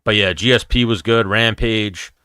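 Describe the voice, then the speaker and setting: New guy in his 30s, cussing and rambling on an mma stream, bright crisp voice, dry close sound. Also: lowish voice, steady tone, normal speed, dry recording. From New York, USA. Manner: blunt, profane, rambling. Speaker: MMA show host answering chat. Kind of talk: casual live-stream chat.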